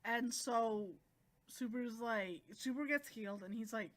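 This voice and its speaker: A woman's voice: a little high, moderate pace. Chatty woman recapping a manga. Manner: chatty, animated, acts out quotes. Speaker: manga reviewer.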